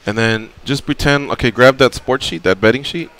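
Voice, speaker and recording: A man who is a regular on a radio talk show, telling stories in a lively way and acting out the scenes. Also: medium pitch, moderate pace. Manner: animated storyteller acting out scenes. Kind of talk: casual radio chat.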